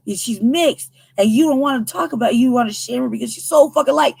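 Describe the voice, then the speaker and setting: An American woman hosting a news commentary show, talking in a heated, emphatic, profane way with a husky voice. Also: on the high side, animated, fairly quick, hardly any pauses, a little mellow, no room sound. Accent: American English. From United States.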